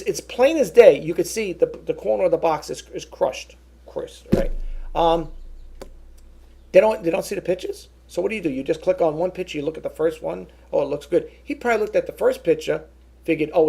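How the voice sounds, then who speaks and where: A man's voice: on the high side, a little fast, creaky, warm tone, husky. A middle-aged man telling an indignant story in a casual vlog, rambling and often restarting his words. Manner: indignant storytelling, quoting both sides of a phone call. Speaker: vlogger.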